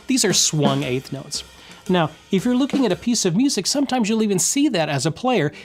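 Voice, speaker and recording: A man giving an instructional guitar lesson, explaining patiently and counting and scatting rhythms aloud. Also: a little high. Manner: friendly, explanatory, with restarts. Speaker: guitar teacher.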